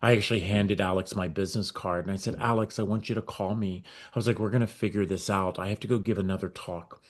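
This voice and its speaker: Lower-voiced man telling a story. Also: quick pace. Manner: animated storyteller acting out quoted dialogue. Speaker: guest, nonprofit founder. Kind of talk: storytelling in a podcast interview.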